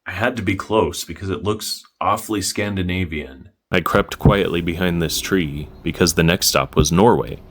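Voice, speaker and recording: Deep-voiced man with dry deadpan narration. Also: moderate pace, hardly any pauses, slight background noise. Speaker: history vlogger.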